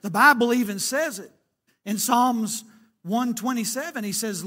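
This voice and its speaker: A pastor in his forties delivers a sermon in a folksy, storytelling style, speaking a little slowly. His voice is very high for a man, bright and forceful, rising and falling as he drives each point home.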